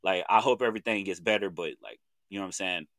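A man in his thirties from Oklahoma with an Oklahoma accent, co-hosting a podcast and telling a story in animated casual chat, acting out what people said in slangy talk. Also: sits low, fast, no echo. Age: 30s. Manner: animated storytelling with slang, acts out quoted voices. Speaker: podcast co-host.

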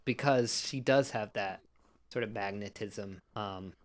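A man's voice: lowish voice, unhurried. A man co-hosting a casual film review podcast, speaking in a wry, offhand way. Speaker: podcast co-host.

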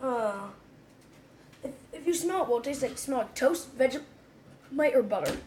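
A young woman co-hosting a podcast chats in a relaxed, casual way, giggly and quick to sound grossed out. Her voice sits high, with a faint hum of noise behind her.

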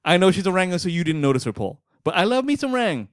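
Animated, swearing man in lively chat. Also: high-pitched, fast, no room sound, studio quality. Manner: animated, sweary, laughs often. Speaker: podcast co-host. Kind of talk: casual chat.

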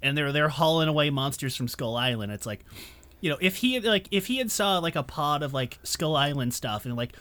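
A man's voice: a little high, lively intonation, brisk, fairly bright tone. A man co-hosting a casual movie review podcast, rambling with lots of fillers and swearing freely. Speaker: podcast co-host.

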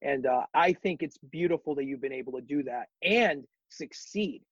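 A man's voice: mid-range voice, normal speed, slightly rough, no room sound, dull audio. A man as a podcast guest in casual chat, talking reflectively and encouragingly with many ums.

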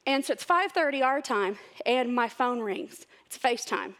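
A middle-aged woman, speaking to her church and telling personal stories in a chatty, excited way. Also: fairly high pitch, moderate pace. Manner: chatty, excited, laughs often.

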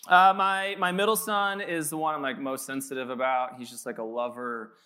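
A man's voice: mid-range voice, steady tone, normal speed, bright, forceful tone, clear, resonant tone. A man in his thirties, a pastor telling joking, casual stories in a sermon at a church. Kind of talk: conversational sermon. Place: church sanctuary.

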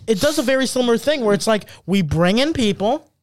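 A man's voice: very high voice, expressive, fast. A man co-hosting a podcast in casual chat, rambling and hunting for words with lots of fillers and swearing. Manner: rambling, searches aloud for words with many fillers and curses. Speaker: podcast co-host.

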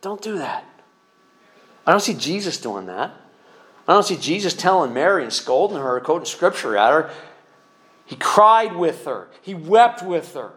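A man's voice: a little high, big pitch swings, moderate pace, pauses often, a bit bright. A man preaching as a pastor, speaking conversationally with repeated words and emphatic rises. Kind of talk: sermon.

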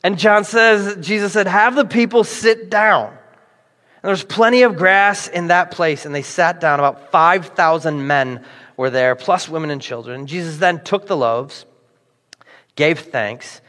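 A male pastor delivers a sermon with lively, joking storytelling, briefly slipping into playful voices for the people he describes. His voice sits a little high for a man. A long reverb trails behind him, as in a large church hall. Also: unhurried.

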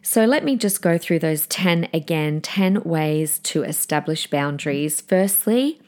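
A middle-aged woman talks through parenting tips on her podcast, her voice sitting fairly low. She is earnest and direct, and slips into a calm, firm tone when she acts out what she tells her kids. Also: a little slow. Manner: warm, earnest, gives numbered tips and acts out calm firm lines to children. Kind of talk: solo podcast advice talk.

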